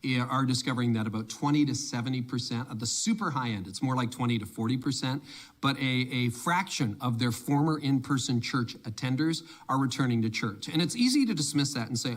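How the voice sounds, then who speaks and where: A man speaking on church leadership at a conference, emphatic and energetic, often quoting imagined voices in his talk. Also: mid-range voice, a little fast.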